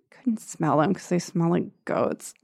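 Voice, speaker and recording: A woman's voice: fairly low pitch, animated, slow pace, gravelly, a little mellow, no room sound, studio quality. A woman chatting casually about a book, laughing often, sarcastic, and acting out characters' lines. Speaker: podcast co-host discussing a book. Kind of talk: casual chat.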